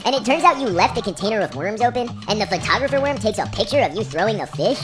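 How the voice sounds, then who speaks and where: A young woman telling a comic story in an exasperated, sarcastic way with casual slangy phrasing. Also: mid-range voice. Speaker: comedic storyteller. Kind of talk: deadpan comic monologue. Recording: music playing behind.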